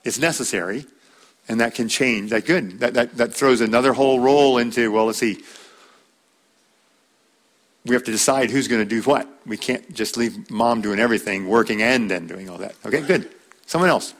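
Man teaching a relaxed church class. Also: medium pitch, normal speed. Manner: conversational, repeats words, with fillers. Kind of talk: church marriage lesson.

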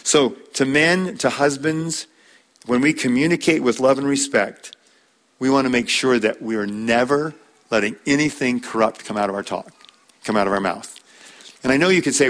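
Man teaching a relaxed church class. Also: medium pitch, normal speed. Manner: conversational, repeats words, with fillers. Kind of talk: church marriage lesson.

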